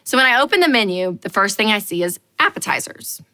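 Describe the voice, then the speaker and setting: A woman hosting a show, telling a personal story in a lively, self-mocking way with lots of fillers. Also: mid-range voice, fast. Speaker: host.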